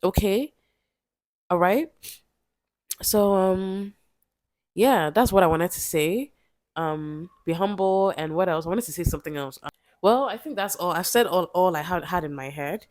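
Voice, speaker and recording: A young woman talks straight to camera in a casual motivational vlog. Her voice sits on the low side, and she repeats her points with pleading, emphatic encouragement. The sound is dry, with no room around it. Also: a little slow, long pauses, a little mellow, dry recording. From Nigeria. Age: 20s. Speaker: vlogger.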